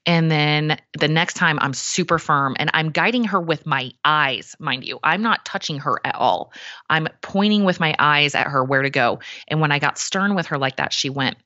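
A woman, a coach and guest, telling a story in a chatty, animated way with many fillers. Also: low-pitched, normal speed, no echo, lo-fi sound. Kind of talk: casual storytelling.

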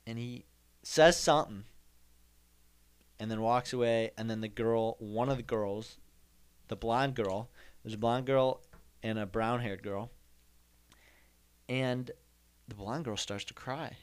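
A man's voice: medium pitch, fairly even intonation, slow, pauses often, smooth. Man, young adult, comedic monologue, rambling, repetitive, mock-indignant. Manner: rambling, repeats phrases, mock-indignant asides. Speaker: comedian host.

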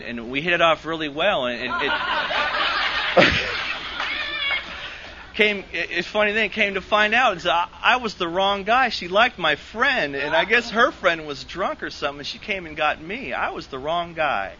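Recovery meeting speaker: a man with a bright voice, rambling and laughing, recorded on dull lo-fi tape. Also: a little high, animated, normal speed, slight background noise. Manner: rambling storytelling with frequent restarts and laughter. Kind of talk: personal testimony to a group. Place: meeting hall.

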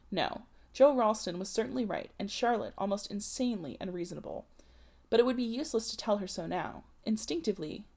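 A woman reading a novel aloud in a measured narrating voice. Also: medium pitch, gravelly, darkish tone. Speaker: audiobook reader.

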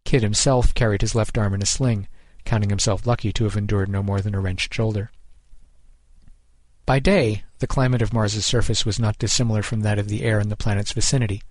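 A man reading a science fiction story aloud in a measured, dramatic storytelling voice. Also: fairly low pitch, steady tone, darkish tone, no room sound. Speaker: narrator. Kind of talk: scripted story narration.

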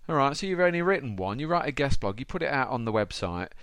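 A man's voice: mid-range voice, very animated, fast talker, fairly bright tone, clear, resonant tone, dry recording, studio quality. A man hosting a podcast, chatty and upbeat, calling his guest mate and fella. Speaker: podcast host. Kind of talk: casual podcast interview.

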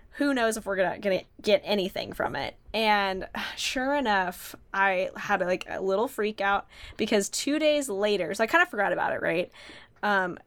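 A woman's voice: mid-range voice, no room sound. Chatty young woman podcast host, dry sound. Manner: animated, quotes herself in excited voices, many fillers. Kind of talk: casual storytelling chat.

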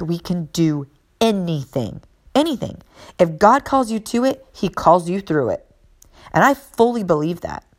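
A woman who is a mother and fitness coach, telling a motivational story in an earnest, emphatic way and repeating key phrases. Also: on the low side.

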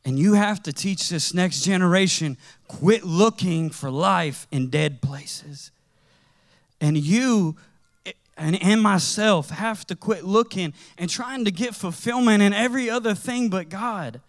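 A man preaching a sermon in a conversational, animated way, with casual slang as he tells stories. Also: high-pitched, unhurried.

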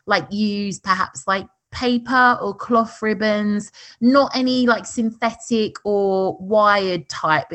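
A woman's voice: medium pitch, fairly bright tone. A woman co-hosting a podcast in casual chat, chatty with frequent laughs and fillers. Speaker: podcast co-host.

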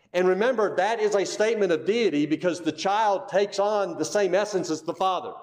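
Male pastor, high and very lively voice, emphatic sermon delivery with rhetorical questions.

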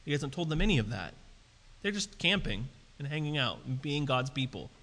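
A man preaching a sermon in a casual, conversational way that turns animated and emphatic. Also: mid-range voice, moderate pace. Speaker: pastor. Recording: reverberant hall.

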